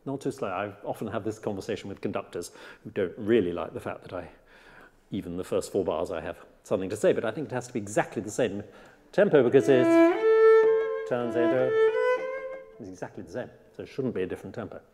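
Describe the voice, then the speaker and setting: A man teaching a cello master class, coaching a student with lively, detail-fussy remarks. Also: on the low side, quick pace. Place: concert hall. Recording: reverberant hall with music.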